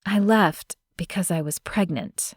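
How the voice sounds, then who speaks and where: A guarded young single mother, voiced by a woman narrator, soft and hesitant, with a fairly low voice. She speaks slowly, close to a dry mic. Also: breathy edge, dry recording. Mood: tearful. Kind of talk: audiobook character voice.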